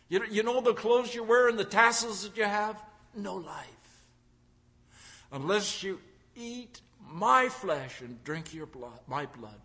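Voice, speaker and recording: A preacher delivering a sermon in a high, bright voice. He builds emphasis by stacking repeated phrases and swings into acted-out crowd voices. His delivery is emphatic and forceful. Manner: acts out crowd voices in quotes.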